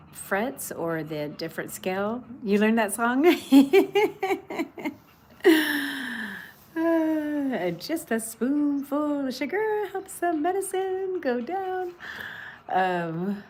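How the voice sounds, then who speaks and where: A woman's voice: lowish voice, slight background noise. A middle-aged woman chatting casually on a livestream, rambling with many fillers and restarts as she reads out viewer comments. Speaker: livestream host.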